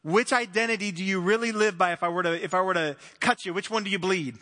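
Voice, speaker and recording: High, bright-voiced preaching man. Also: quick pace, big-room sound. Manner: earnest, questioning preacher. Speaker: pastor. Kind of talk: sermon. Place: church hall.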